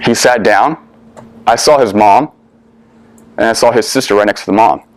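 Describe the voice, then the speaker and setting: A man's voice: lowish voice, normal speed, no echo. A young adult man, a veteran, telling a personal story to an audience in an earnest, candid way with casual swearing. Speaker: veteran speaker.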